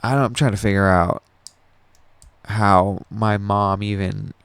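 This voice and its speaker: A man's voice: on the low side, steady tone, unhurried, fairly bright tone, clear, resonant tone, dry recording. A man hosting a podcast, telling a personal story in a rambling, profane, casual way with frequent restarts. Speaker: podcast host.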